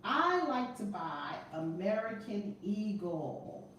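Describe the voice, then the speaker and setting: A woman hosting a live-streamed class, energetic and encouraging, greeting viewers and repeating key points. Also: medium pitch, slow. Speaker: teacher and host. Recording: echoey room, distant mic, faint noise.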